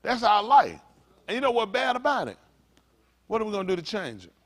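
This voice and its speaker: A sing-song, high-sitting male voice, brisk and fairly bright, carries this fiery street-talk sermon. The pastor lobs blunt, profane rhetorical questions at the congregation, joking on the side as he goes.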